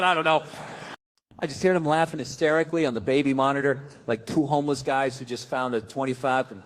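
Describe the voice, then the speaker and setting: A middle-aged man doing stand-up on a club stage, telling a profane, animated story and mimicking his family. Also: fairly high pitch, brisk. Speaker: stand-up comedian.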